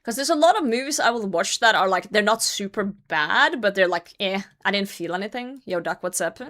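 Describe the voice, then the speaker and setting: A woman's voice: mid-range voice, lively intonation, fairly bright tone. Chatty ranting woman streamer. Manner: chatty, rambling, quick to rant and swear. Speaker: livestream host. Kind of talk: casual chat with viewers while gaming.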